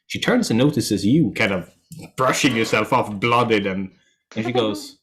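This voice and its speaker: A man with a fairly low voice runs a tabletop game, narrating in an unhurried, relaxed way. He pauses often with fillers as he sets up each scene. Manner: relaxed, drawn-out storytelling with fillers. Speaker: game master.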